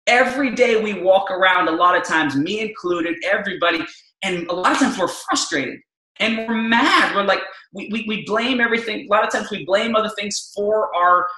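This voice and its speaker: Bright, high-voiced energetic motivational man. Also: normal speed, roomy sound, rough recording. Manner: energetic, emphatic, tells personal stories. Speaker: motivational speaker. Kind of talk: motivational talk.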